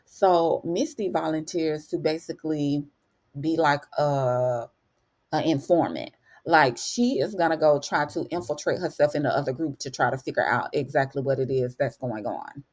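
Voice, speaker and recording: A chatty female TV recap host with a lowish voice walks through an episode casually and with plenty of slang, at a moderate pace. She repeatedly calls the listener honey and acts out each character's lines with lively, animated tonal swings.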